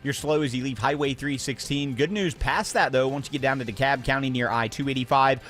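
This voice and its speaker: A man reading a radio traffic report in a brisk, businesslike way. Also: medium pitch, fairly bright tone.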